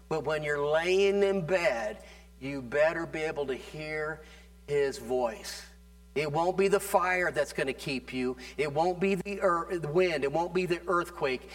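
A man's voice: a little high, a bit bright. A man preaching a sermon, emphatic and repetitive, drawing out key phrases and calling for "amen" from the congregation. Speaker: pastor.

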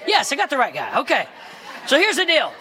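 A male pastor preaching a sermon in a church, animated, shouting and laughing as he reads scripture to the congregation. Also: very high-pitched, brisk, some chatter behind, poor audio. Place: church sanctuary.

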